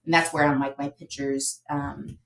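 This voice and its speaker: Young woman with a low voice, rambly podcast guest, lots of likes and ums. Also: level tone, normal speed, gravelly, poor audio. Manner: rambling, heavy on "like" and "um". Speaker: athletic trainer guest. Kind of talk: casual podcast chat.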